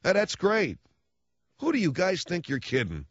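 A man's voice: high-pitched, huge pitch swings, normal speed, dry recording, lo-fi sound. A man hosting a talk radio show, ranting about politics in a sarcastic, mocking way.

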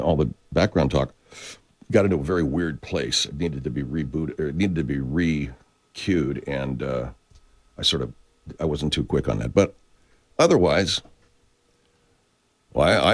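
A man hosting a show, chatting casually in a profane, digressive way with many restarts. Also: rumbling low. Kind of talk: casual rambling chat. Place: California.

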